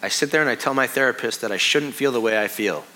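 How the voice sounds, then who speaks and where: A man in his thirties giving a conversational sermon as pastor, full of restarts and sinking to a hush on heavy points. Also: mid-range voice, fast.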